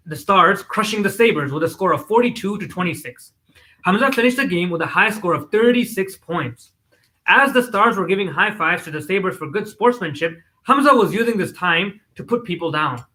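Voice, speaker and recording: A man reading a children's story aloud in an animated way. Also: high voice, moderate pace. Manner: animated, giggly at times.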